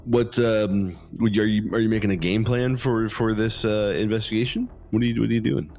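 Male game master, deep voice, relaxed improviser, light music bed. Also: moderate pace. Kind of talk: narrating a tabletop game.

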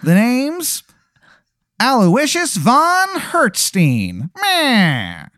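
A man's voice: extremely high pitch, wildly swooping pitch, very slow, sharp tone, dry recording, pitched above the performer's own voice, exaggerated voice. A pushy old-time cactus gumshoe, done by a man, with a voice pushed far above the performer's own and clipped gangster patter. The recording is dry and close. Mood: tough. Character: male cactus private eye, 1920s gangster talk.

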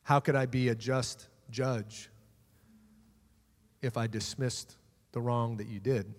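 A man preaching a sermon as pastor, moving between emphatic declarations and quiet asides. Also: mid-range voice, steady tone, takes it slowly, long reverb tail.

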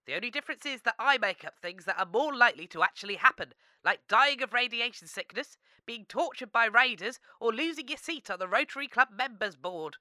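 A woman voices a brutally honest fortune teller in a comedy radio sketch. Her high, bright voice goes from matter-of-fact bluntness to theatrical mystic wailing, all close and dry. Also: lively intonation, fairly quick, hardly any pauses, dry recording. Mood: blunt.

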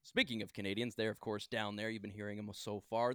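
A man's voice: fairly low pitch, brisk, few pauses, a bit bright, clear, resonant tone. A man co-hosting a podcast, teasing the others in casual banter. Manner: teasing, wisecracking. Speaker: podcast co-host. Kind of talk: casual chat.

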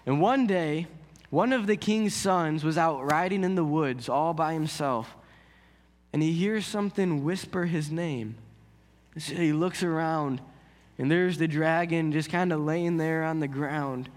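A man's voice: fairly high pitch, measured pace, long reverb tail. A man preaching a sermon in an earnest, conversational way, telling a story. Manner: earnest, conversational, builds intensity. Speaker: pastor.

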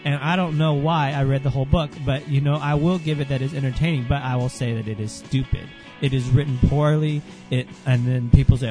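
A man's voice: mid-range voice, steady tone, brisk, few pauses, over music. A man hosting a solo podcast rant, sarcastic and dismissive, and sounding a bit under the weather. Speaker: podcast host.

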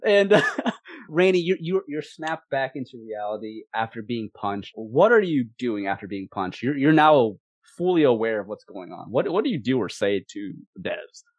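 Brief: man, game master for a tabletop game, lively narration, stumbles and repeats, dry voice-chat sound. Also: medium pitch, normal speed, dry recording. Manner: animated, repeats words, laughs easily.

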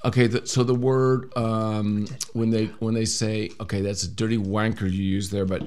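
A man's voice: lowish voice, flat delivery, normal speed, a little mellow. A tipsy man co-hosting a podcast in casual chat, joking and swearing freely. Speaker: podcast co-host.

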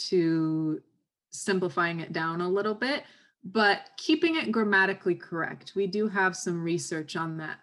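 A woman with a slightly low voice, speaking as an expert guest on a podcast. She explains patiently and clearly, and slows down to act out sample phrases for parents. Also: a bit bright. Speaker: speech pathologist guest. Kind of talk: podcast interview advice.

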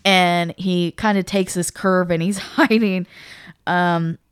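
A woman's voice: on the low side, slow pace, clear, resonant tone, no room sound, clean studio sound. A woman co-hosting a podcast, casually retelling a video and acting out the quotes with animation. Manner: animated storyteller, acts out quotes. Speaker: podcast co-host.

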